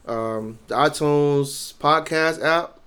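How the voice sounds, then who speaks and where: A man co-hosting a casual podcast, relaxed and teasing, speaking bluntly with slang and swearing. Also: a little high, slow pace, clean tone. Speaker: podcast co-host. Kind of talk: casual chat.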